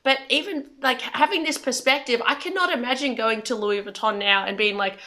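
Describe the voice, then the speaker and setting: A young woman chats animatedly, her voice high and bright. She gets excited, stumbles and restarts her sentences often. It sounds like a relaxed, casual conversation. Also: a little fast. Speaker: host. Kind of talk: casual chat.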